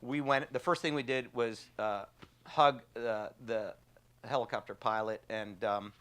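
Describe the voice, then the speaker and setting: A man tells a story in an easy, rambling way. His voice sits in a middle pitch, and he fills his talk with ums and chuckles. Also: unhurried, clean tone. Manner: animated anecdote with frequent fillers and laughs. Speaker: trauma surgeon guest. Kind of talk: casual storytelling.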